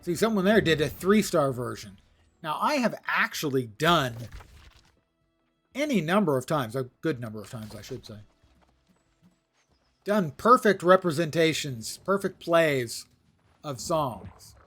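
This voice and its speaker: A man's voice: on the high side, big pitch swings, a little slow, pauses often, fairly bright tone, slightly rough, faint music behind. A man streaming a video game live, chatting casually and joking at his own expense. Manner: self-deprecating, joking.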